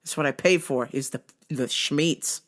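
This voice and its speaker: A woman's voice: deep voice, a little slow. A woman hosting her own show, telling a comedic, profane rant and slipping into mimicked voices. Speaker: vlog host.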